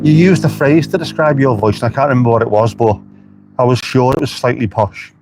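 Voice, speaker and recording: A man's voice: mid-range voice, a little fast, gravelly. Chatty man streaming outdoors by traffic. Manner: chatty, swears freely, talks to viewers' comments. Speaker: live streamer. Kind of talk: casual live-stream chat. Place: outdoors by the beach at sunset. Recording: faint street noise behind the voice. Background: passing traffic.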